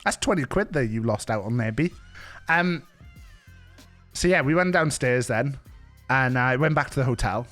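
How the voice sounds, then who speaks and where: A man's voice: medium pitch, animated, moderate pace, long pauses, a bit bright, soft background music. A young man with a Welsh accent, telling a rambling story to his stream with frequent restarts and bursts of laughter. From Wales. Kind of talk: casual storytelling chat.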